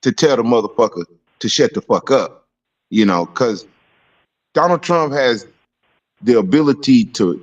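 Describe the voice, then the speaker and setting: A man calling into a talk show, giving his opinions in a steady, profane way. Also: mid-range voice, husky. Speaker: caller. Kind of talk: call-in opinion. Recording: muffled distant phone line.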